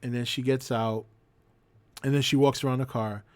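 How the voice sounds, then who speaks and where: A man in his forties hosting a livestream, telling an anecdote in a casual, profane, animated way. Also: mid-range voice, moderate pace, no room sound. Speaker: host.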